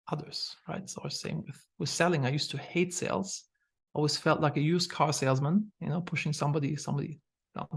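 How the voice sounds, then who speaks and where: A man with a German accent and a husky voice, a startup founder giving a candid masterclass talk full of personal stories, with frequent fillers and restarts. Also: a little high.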